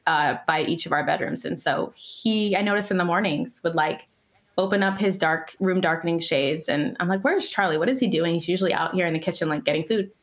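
Animated, laughing woman telling stories. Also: on the low side. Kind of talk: casual chat.

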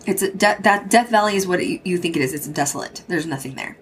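A young woman hosting a podcast tells a spooky road-trip story casually, swearing freely and acting out what others said in dialogue. Her voice is on the low side, with lively intonation and a quick pace, and there's a little hiss or hum.

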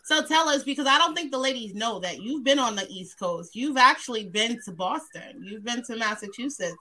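A woman's voice: a little high, lively intonation, brisk, pushed and bright. A woman co-hosting an interview show, chatting casually and hyping up her guest with enthusiasm. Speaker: podcast co-host.

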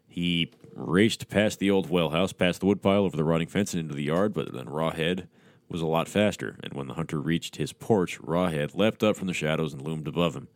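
Deep-voiced man reading horror with crude mockery. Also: normal speed, no echo. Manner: crude, mocking asides. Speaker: podcast host. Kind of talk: sardonic horror story reading.

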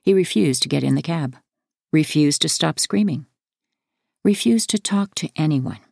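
Low gravelly woman reading her memoir, measured, dry close sound. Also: animated, a little mellow, no room sound. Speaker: audiobook narrator. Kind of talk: first-person memoir narration.

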